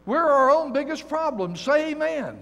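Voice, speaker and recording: An older man preaching a sermon with a notably high voice, emphatic and folksy, mixing stories and jokes with a firm call to his congregation. His voice rings out with a long reverb through the church sanctuary. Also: very animated, normal speed, creaky, fairly bright tone, muffled recording. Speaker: guest preacher.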